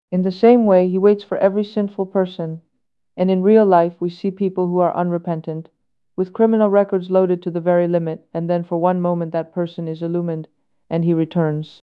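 A woman reading a solemn homily aloud in a measured, earnest way, with many rhetorical questions. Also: lowish voice, clean tone, muffled recording. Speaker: reader of a sermon.

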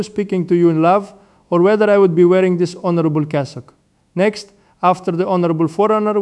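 An older man, an Orthodox monk, giving a sermon with measured, reverent storytelling. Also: sits high, dark tone.

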